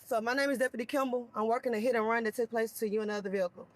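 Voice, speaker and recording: A woman's voice: fairly high pitch, fairly even intonation, racing. A female sheriff's deputy questioning a driver bluntly and insistently. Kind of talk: police questioning.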